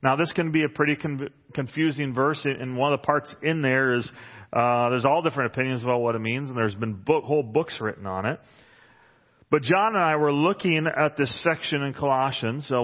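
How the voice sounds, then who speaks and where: A man preaching a sermon in a church hall, conversational and joking, reading Bible passages aloud. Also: medium pitch. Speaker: pastor. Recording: muffled sound with long hall reverb.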